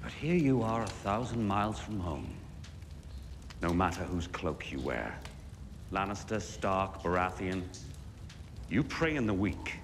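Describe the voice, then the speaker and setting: An actor playing a stern outlaw leader who speaks in a measured way. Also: male voice, low voice, very animated, slight background noise, exaggerated voice. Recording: TV clip with long reverb.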